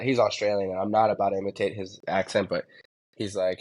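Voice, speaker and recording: Deep-voiced rambling man from New Jersey. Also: level tone, fairly quick, darkish tone. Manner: rambling, filler-heavy. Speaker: podcast guest. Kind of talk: casual storytelling.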